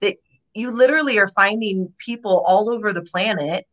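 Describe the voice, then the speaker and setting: A woman's voice: medium pitch, moderate pace, fairly bright tone. A woman hosting a casual interview, affirming her guest and animatedly quoting others. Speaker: interview host.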